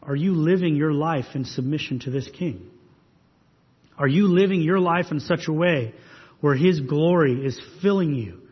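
A man preaching in a church sanctuary, his voice set a little high and slightly husky. The sound carries a long hall reverb, and the recording is dull and muffled. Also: normal speed. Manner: earnest preaching with rhetorical questions. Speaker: pastor. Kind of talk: sermon.

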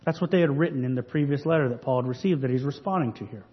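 A male pastor preaching an earnest, measured sermon full of rhetorical questions. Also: medium pitch, husky. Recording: dull recording with long hall reverb.

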